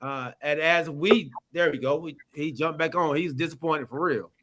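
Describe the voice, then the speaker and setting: A man's voice: a little high, normal speed, noisy background. A man hosting a casual sports talk show, greeting viewers by name in loose slang. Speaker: host.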